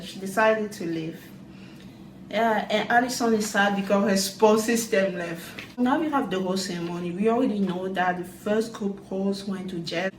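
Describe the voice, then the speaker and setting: A woman recapping a dating show in casual chat, talking loosely with quick asides and loose grammar. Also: mid-range voice, reverberant, slight background noise, rough recording. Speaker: reality TV recap vlogger.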